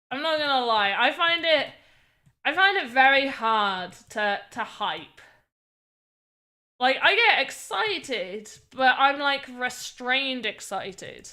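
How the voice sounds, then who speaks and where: A woman's voice: sits high, pushed and bright. A tired British woman chatting casually on a live stream, rambling and self-deprecating, often restarting her words. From Britain. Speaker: livestreamer.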